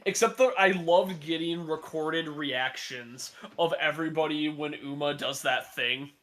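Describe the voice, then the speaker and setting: A man co-hosting a podcast in casual chat, laughing often and sounding relaxed and a bit worn out. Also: a little high, unhurried. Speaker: podcast co-host.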